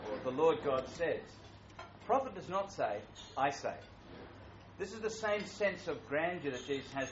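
A man preaching a sermon in a church, talking in a conversational, animated way that grows louder. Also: on the high side, slight background noise. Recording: roomy, muffled church recording.

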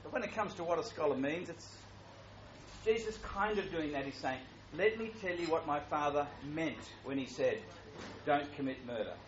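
A man preaching a sermon in a church, talking in a conversational, animated way that grows louder. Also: fairly high pitch, moderate pace, slight background noise. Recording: roomy, muffled church recording.

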